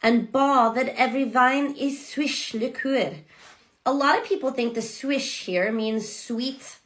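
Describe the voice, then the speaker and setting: A woman's voice: fairly high pitch, fairly bright tone. An American woman professor talking casually to camera, enthusiastically explaining step by step. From United States. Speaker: literature professor. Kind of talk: casual educational talk to camera.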